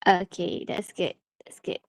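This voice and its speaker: A woman's voice: measured pace, no echo. A woman from Malaysia teaching an English class over a video call, with many fillers and restarts. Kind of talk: online class instruction.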